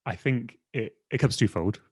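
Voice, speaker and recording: A man's voice: mid-range voice, normal speed, darkish tone, husky, no echo. A man, a guest editor in an interview, talking in a rambling, self-deprecating way with many fillers. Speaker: magazine editor, podcast guest. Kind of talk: casual conversational interview.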